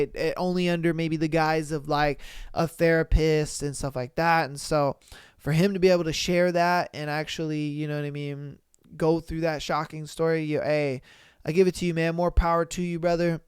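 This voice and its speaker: A man hosting a podcast, reading listener stories aloud and reacting in an animated, slangy way with frequent exclamations. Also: a little high, smooth, no echo, studio quality. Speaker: podcast host.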